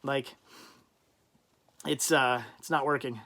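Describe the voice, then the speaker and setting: A man hosting a casual livestream, rambling and thinking out loud as he reads out and answers viewers' chat comments. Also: medium pitch, steady tone, takes it slowly. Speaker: livestream host.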